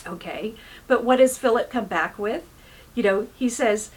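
Husky, breathy woman preaching conversationally. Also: fairly high pitch, unhurried. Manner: informal, frequent "you know" fillers, earnest. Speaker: pastor. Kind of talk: conversational sermon.

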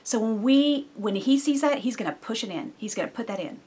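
Middle-aged woman preacher, husky, animated and conversational. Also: a little high, a little fast. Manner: conversational and animated, with frequent asides. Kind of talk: sermon.

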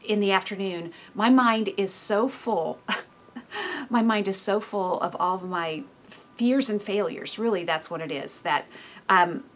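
A woman in her thirties giving a devotional teaching in a lively, expressive way, acting out inner voices and often dropping to soft, hushed tones. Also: medium pitch, a little slow. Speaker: speaker giving a devotional talk.

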